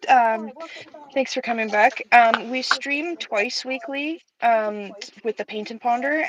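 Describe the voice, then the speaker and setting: A woman's voice: fairly high pitch, muffled recording. A woman hosting a live art stream, chatting casually and self-deprecatingly while she paints, with lots of fillers.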